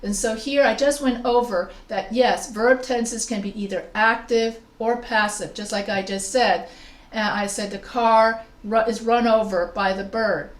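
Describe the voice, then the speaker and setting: A woman's voice: a little high, fairly even intonation, reverberant. A woman instructor giving a grammar lesson to an online class, explaining step by step and calling on students. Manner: explains slowly with examples, asks students questions. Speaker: writing instructor.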